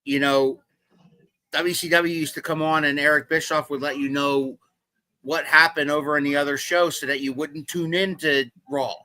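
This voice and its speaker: Bright-voiced man hosting a live show. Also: a little high, steady tone, moderate pace, dry recording, poor audio. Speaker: host. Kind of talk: casual interview chat.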